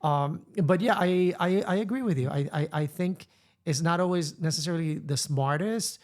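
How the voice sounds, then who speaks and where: A podcast co-host, a man with a Spanish accent and a fairly high voice. He tells his stories with animation, drifting between English and Spanish as he talks. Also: normal speed, darkish tone. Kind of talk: casual chat.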